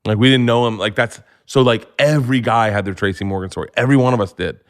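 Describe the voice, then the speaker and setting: A man in his forties, a comedian, telling stories in a casual interview, profane and animated, acting out what people said. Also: mid-range voice, quick pace. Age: 40s. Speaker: comedian guest. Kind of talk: casual storytelling chat.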